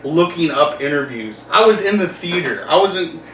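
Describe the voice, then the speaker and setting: A man hosting a casual podcast chat, rambling and animated, laughing often and acting out quotes. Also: on the high side, moderate pace, a little hiss or hum. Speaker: podcast host. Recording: roomy, distant mic with faint ambience.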